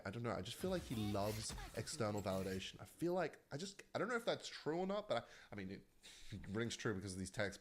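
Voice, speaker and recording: A man hosting a casual online drama commentary, talking in an animated, chatty way and laughing often. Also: on the low side, slight background noise. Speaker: commentary vlogger.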